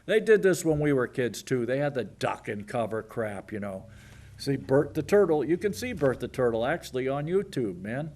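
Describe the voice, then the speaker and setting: A man's voice: mid-range voice, sing-song, moderate pace, a little mellow. A man in his sixties giving sardonic local TV news commentary, mocking and rambling with jokey asides. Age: 60s.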